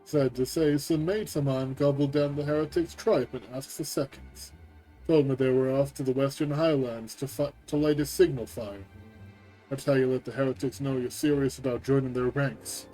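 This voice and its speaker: An easygoing common soldier, read out by a man from a fantasy game, folksy and chatty in plain country speech. The voice is warm and mellow, at a middling pitch. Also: fairly even intonation, normal speed, soft background music, lightly acted, poor audio. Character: plain-spoken low-born male soldier, easygoing.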